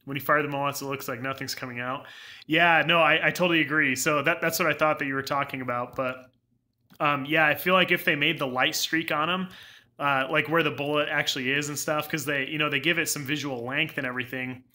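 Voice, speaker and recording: A man's voice: on the high side, fairly even intonation, a little fast, sharp tone. A young man giving casual live gameplay commentary, rambling through filler words and laughing often. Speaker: game streamer.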